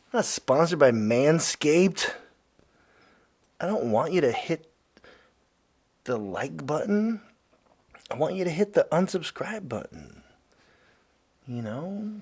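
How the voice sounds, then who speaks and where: A man hosting a podcast, rambling casually and swearing often, swinging from loud rants to quiet mutters. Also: mid-range voice, very animated, slow, pauses often, husky. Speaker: podcast host. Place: Los Angeles.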